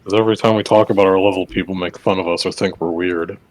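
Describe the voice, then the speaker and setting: Low-voiced cursing man at the gaming table. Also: fairly even intonation, fast talker. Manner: swears constantly, exasperated. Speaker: player. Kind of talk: casual chat at a game table.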